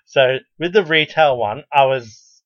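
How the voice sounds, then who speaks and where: A young man co-hosts a casual chat, telling animated stories and acting out quotes as he goes. His voice is bright and forward, and the recording is dry with no room sound. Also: medium pitch, measured pace, no room sound, dull audio. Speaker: podcast co-host.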